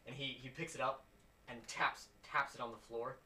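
A man's voice: medium pitch, fairly even intonation, moderate pace. Game master, man, rambling narration, far from the mic, faint hiss. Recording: roomy, distant home mic with faint noise.

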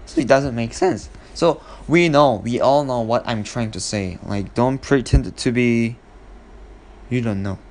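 A man hosting a casual English lesson, explaining an expression in halting, non-fluent English with many fillers and acted-out example lines. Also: medium pitch, expressive, vocal fry, a little mellow. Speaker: host of an English expression podcast.

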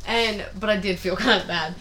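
A young woman co-hosting a casual chat, telling animated stories and swearing freely. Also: medium pitch, moderate pace, a little hiss or hum. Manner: animated, swears freely, acts out quotes in loud voices. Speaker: podcast co-host.

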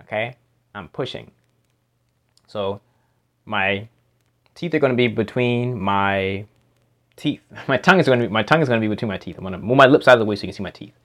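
A man with a somewhat low voice teaches pronunciation into a home microphone. He explains step by step, slowly repeating practice words and single sounds so the learner can copy them. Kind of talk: instructional explanation.

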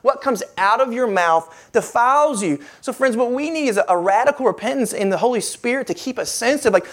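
A woman's voice: a little high, animated, brisk, few pauses. Earnest woman preaching a sermon. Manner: earnest, rhetorical questions, emphatic repetition.

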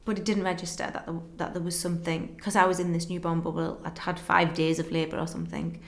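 A young woman with a fairly low voice tells a personal story with emotional earnestness. She replays conversations in quick back-and-forth, and the recording carries a roomy echo. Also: flat delivery. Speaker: guest telling her story.

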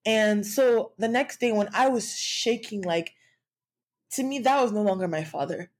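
A woman's voice: mid-range voice, unhurried. A young woman from Nigeria telling a personal story in a candid, conversational vlog, with frequent fillers and restarts. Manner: occasional laughs while speaking. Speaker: vlogger.

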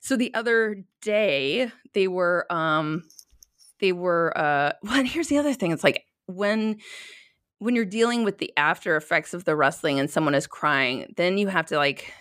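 Podcast co-host, woman, lowish voice with wide swings, rambling storyteller, dry close mic. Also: expressive, moderate pace, fairly bright tone, no echo. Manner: rambling, storytelling with filler words. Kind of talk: casual chat.

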